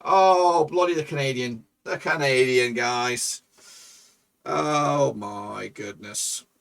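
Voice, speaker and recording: A man commentating his own football management game for viewers, excitable and swearing, shouting at goals. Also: medium pitch, slow pace, gravelly, distant mic. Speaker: gaming YouTuber.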